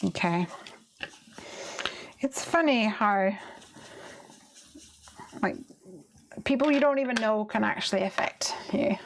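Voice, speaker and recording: A woman's voice: mid-range voice, slow, long pauses, slight background noise. A woman hosting a live card-making stream, chatting casually as she works, reading viewer comments aloud and laughing often. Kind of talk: casual chat while crafting.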